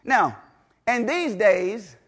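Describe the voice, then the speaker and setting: High-voiced man preaching a sermon. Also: big pitch swings, drawn-out words. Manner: emphatic, swinging between loud declarations and low intensity; repetitive, rhetorical questions to the congregation.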